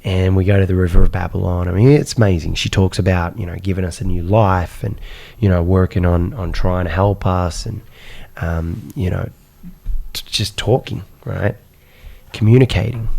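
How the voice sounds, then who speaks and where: Man, gravelly voice, lowish pitch, animated personal storytelling, rhetorical questions. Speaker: guest telling his life story. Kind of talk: personal storytelling in a podcast interview.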